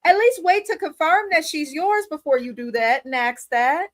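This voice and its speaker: A woman's voice: high-pitched, animated, moderate pace, fairly bright tone. A woman giving blunt, opinionated, profane commentary while reviewing a reality TV episode. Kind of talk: casual commentary.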